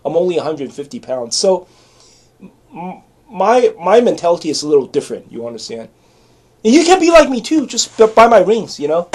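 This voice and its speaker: A man's voice: sits high, big pitch swings, brisk. A man in his forties, a channel host talking in a rambling, repetitive and blunt casual monologue to camera. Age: 40s.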